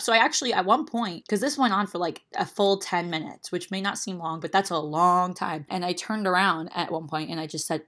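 A woman's voice: fairly low pitch, a little fast, few pauses. Chatty young woman telling a story. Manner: animated, full of "like" fillers. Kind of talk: casual podcast storytelling.

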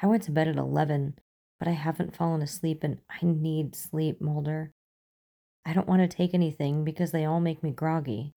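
A woman's voice: deep voice, fairly even intonation, normal speed, vocal fry, dark tone. Scully, a woman reading a weary sleepless agent. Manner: weary, clipped, self-conscious. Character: tired, sleepless female FBI agent, doctor.

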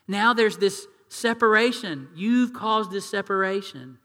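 A man preaching a sermon, animated and acting out quoted voices in hushed tones. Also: sits high, a little slow, long reverb tail. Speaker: pastor.

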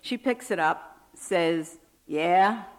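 A woman reads her personal essay aloud, slowly and deliberately. Her delivery is measured and wry, in a voice of middling pitch. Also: animated. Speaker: prison writer reading her work.

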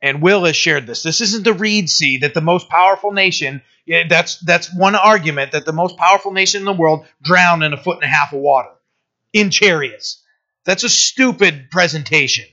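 A man's voice: a little high, moderate pace, bright, forceful tone, highs cut off. A man preaching a sermon in a conversational way, restarting phrases and rising in emphasis.

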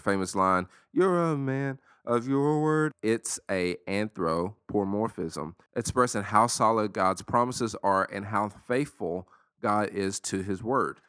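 A man hosting a solo podcast, talking in a casual, emphatic, preachy way and slowing down dramatically to stress words. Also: lowish voice, a bit bright, no echo, studio quality. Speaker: podcast host.

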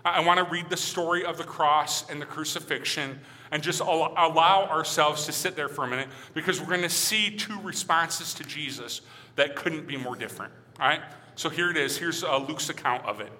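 A middle-aged man preaching in a church, his voice very bright and fairly high. He reads scripture and then presses his points with emphatic stresses. A long reverb trails each phrase. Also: normal speed. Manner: earnest, rising to emphatic stresses. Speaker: minister. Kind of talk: sermon with scripture reading. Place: church sanctuary.

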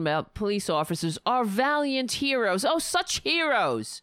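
A woman delivering angry, sarcastic political commentary, ranting heatedly with profanity and sudden loud bursts. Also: a little high, very animated, measured pace, clean tone, dry recording, clean studio sound.

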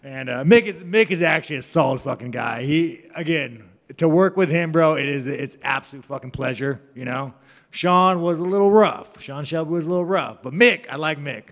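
Profane rambling fighter in a big room. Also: male voice, fairly high pitch, moderate pace, a bit bright. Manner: profane, rambling, mocking banter. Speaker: professional fighter. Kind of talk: media scrum answers. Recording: reverberant room.

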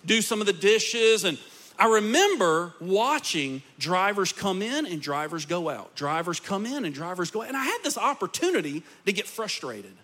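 A man preaching to his congregation as their pastor. His voice sits high and rings bright, and he builds each point with rising intensity. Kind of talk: sermon.

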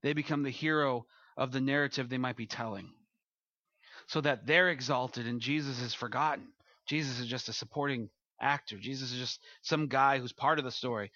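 A man's voice: medium pitch, moderate pace, pushed and bright, no echo, dull audio. A man as pastor, preaching a sermon and leading a closing prayer, earnest and building to emphatic peaks.

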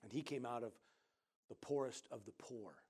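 A middle-aged man, preaching and telling a lively personal story, acting out other people's voices. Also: medium pitch, normal speed, slightly rough. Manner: animated storyteller who acts out quoted voices loudly. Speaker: pastor. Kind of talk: sermon storytelling.

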